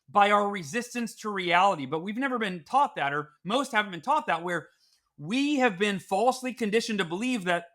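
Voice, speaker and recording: A middle-aged man telling his story in an interview as a podcast guest, earnest and animated, acting out the quotes he tells. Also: sits high.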